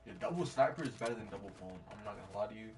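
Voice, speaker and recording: Male streamer, casual gameplay chatter, loud slangy trash talk, distant mic with clear noise floor. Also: fairly low pitch, rapid-fire. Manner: slangy, excitable, yells trash talk at the game. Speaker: game streamer. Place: home room at night.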